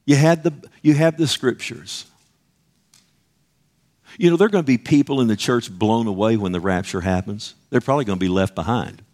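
A man's voice: medium pitch, normal speed, a little mellow. Male preacher, sermon, emphatic, conversational, asks the crowd questions, acts out short dialogues. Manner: emphatic, calls out "Amen?" to congregation, acts out dialogues with God.

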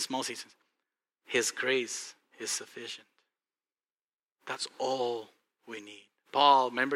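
A male pastor with a Texan accent delivers a sermon in a very bright, sharp voice. He is impassioned, dropping to hushed, earnest lines and then rising to loud, excited bursts. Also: medium pitch.

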